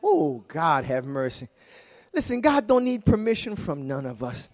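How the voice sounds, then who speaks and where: A man preaching a sermon in a church, calling out to the congregation and swinging from soft, low asides to loud shouts. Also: sing-song, unhurried. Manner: fervent call-and-response preaching, swings from quiet to shouting. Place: church sanctuary.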